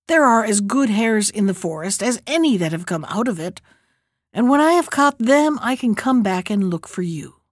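A woman's voice: mid-range voice, expressive, normal speed, dry recording, studio quality, natural voice. A woman voicing a hopeful, bold young male prince in a storybook reading, speaking earnestly.

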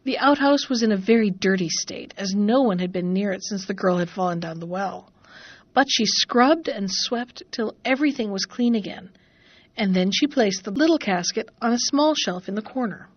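A woman narrating a fairy tale in a measured, expressive reading voice. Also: mid-range voice, no room sound, dull audio. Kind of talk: storybook narration.

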